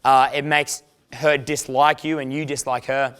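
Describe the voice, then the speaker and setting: A man's voice: mid-range voice, level tone, unhurried, fairly bright tone, smooth. A man, a dating coach giving a casual, profane instructional talk and acting out quoted lines.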